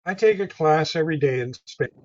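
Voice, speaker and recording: A man with a Tennessee drawl talks casually as an interview guest, in a fairly high voice. He rambles and restarts his phrases over and over. The audio sounds dull and muffled. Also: quick pace, a little mellow. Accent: Southern US, Tennessee. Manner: rambling, repeats his words often.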